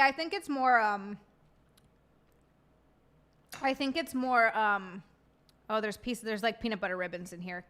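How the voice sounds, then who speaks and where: A woman's voice: a little high, pushed and bright. A woman streamer chatting casually with her viewers while eating, often giggling. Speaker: live streamer. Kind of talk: casual live-stream chat.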